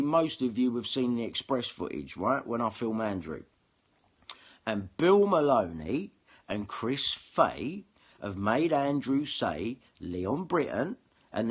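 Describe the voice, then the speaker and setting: The voice is male, mid-range and a touch rough, belonging to an online video commentator. He's ranting angrily to camera, throwing around plenty of swear words, picking fights, and saying the same things again and again.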